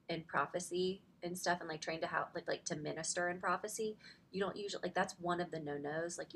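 A woman in her thirties speaks with a lowish, gravelly voice that crackles with vocal fry. Her tone is bright and forward, and she talks in a chatty, rambling way, full of "like". She sounds close to tears at times. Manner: chatty, fills speech with "like". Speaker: podcast guest. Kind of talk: personal storytelling in a faith podcast conversation.

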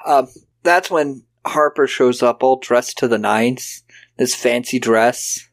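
A man's voice: mid-range voice, takes it slowly. A man co-hosting a podcast, retelling a film's plot in casual chat. He mimics the characters' lines and swears freely. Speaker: podcast co-host. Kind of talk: casual film-recap chat.

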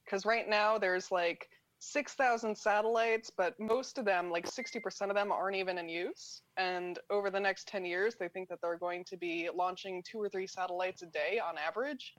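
A woman's voice: mid-range voice, steady tone, normal speed, hardly any pauses, poor audio. A woman co-hosting a radio show, running casual news corners in a chatty way, with lots of "like". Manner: chatty, uses "like" a lot. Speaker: radio show co-host reading news segments.

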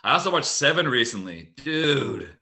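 A man chatting casually as a podcast guest, animated and swearing freely. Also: medium pitch, normal speed, gravelly. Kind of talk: casual chat.

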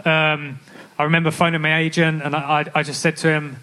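A man's voice: a little high, flat delivery, fairly quick, pushed and bright. A young adult man, a professional footballer, answering candidly on a live podcast stage and often restarting his sentences. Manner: candid, reflective, frequent restarts. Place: live stage event at a club.

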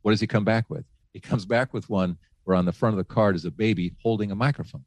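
Former radio man as podcast guest, low voice, animated storyteller, dry close sound. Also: quick pace, no echo. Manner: animated, laughing, frequent restarts. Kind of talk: casual faith storytelling.

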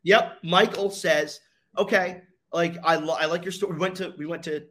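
A young man sits as a guest and tells his story the way a natural storyteller does. He builds drama, pauses for effect and pulls his listener along. His voice sits a little on the high side. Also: fairly even intonation, fairly bright tone. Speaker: guest, racing driver. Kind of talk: storytelling in a casual interview.

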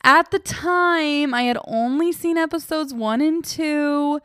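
A young woman hosting a casual solo podcast, excitable and self-mocking, laughing often as she reacts. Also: high-pitched, takes it slowly, no echo, clean studio sound. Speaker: podcast host.

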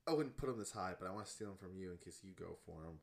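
A man's voice: low voice, racing, creaky. Laughing young man chatting casually. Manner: animated, laughs loudly, says bro and dude. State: has the hiccups. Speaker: podcast co-host. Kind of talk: casual chat.

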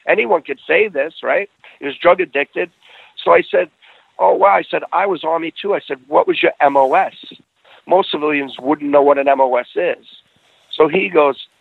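Gravelly man on a tinny line. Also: a little high, no room sound. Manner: earnest storyteller who restarts phrases and grows emotional. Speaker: guest telling a personal story. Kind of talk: casual conversation.

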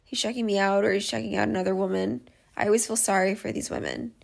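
Gravelly-voiced woman, frank solo podcaster. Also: medium pitch, fairly even intonation, fast. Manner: frank, self-mocking, talks things through aloud. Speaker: podcast host. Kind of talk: candid solo podcast monologue.

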